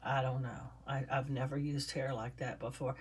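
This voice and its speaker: Chatty older woman, husky voice. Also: very deep voice, little pitch movement, moderate pace. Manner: chatty, talks while working with her hands. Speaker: doll maker. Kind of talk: casual crafting vlog.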